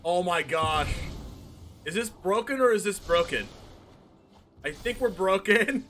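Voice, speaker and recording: A man streaming a card game, reacting with yelps, laughter and shouts as he plays. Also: high-pitched, expressive, a little slow, pauses often, slight background noise. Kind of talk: excited gameplay commentary.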